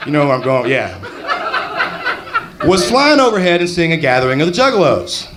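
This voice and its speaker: A man's voice: fairly high pitch, very animated, moderate pace, very noisy. A middle-aged man from Texas doing rambling, profane stand-up comedy at an open mic. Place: comedy club stage.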